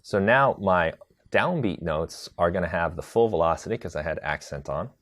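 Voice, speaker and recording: A man teaching a live tutorial on drum sequencing, chatty and relaxed, answering viewer questions as he demonstrates. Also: deep voice, moderate pace, a little hiss or hum. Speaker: music production instructor.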